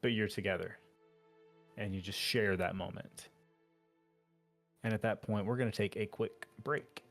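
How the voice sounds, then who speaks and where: A man narrating a tabletop game as game master, describing scenes in an unhurried way. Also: fairly low pitch, fairly even intonation, vocal fry, fairly bright tone, faint music behind.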